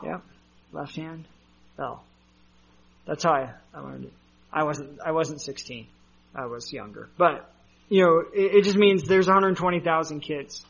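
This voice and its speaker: A man's voice: fairly high pitch, a little slow, vocal fry, pauses often, fairly bright tone, slightly rough, highs cut off. A man preaching a sermon as a pastor, conversational with asides and fillers.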